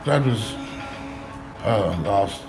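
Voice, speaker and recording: A man's voice: fairly low pitch, lively intonation, extremely slow, loud music behind the voice, low-quality recording. A man in a comedy sketch, talking in a pompous, old-fashioned, condescending way.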